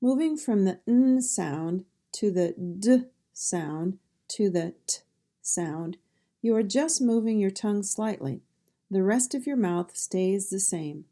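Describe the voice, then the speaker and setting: A woman with a Midwestern American accent teaching pronunciation, sounding out each phoneme and word carefully in a slow drill. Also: medium pitch, lively intonation, mellow. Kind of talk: slow instructional speech drill.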